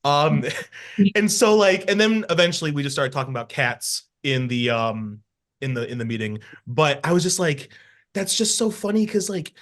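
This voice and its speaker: A man co-hosting a casual podcast, telling work stories in an animated, rambling way with frequent laughter. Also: a little high, normal speed. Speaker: podcast co-host, housing professional.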